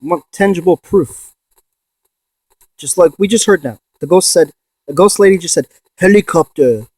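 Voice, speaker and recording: A man in a ghost box session vlog, excitedly calling out to spirits and swearing when he insists to viewers. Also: high-pitched, moderate pace, husky, dry recording. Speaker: paranormal investigator.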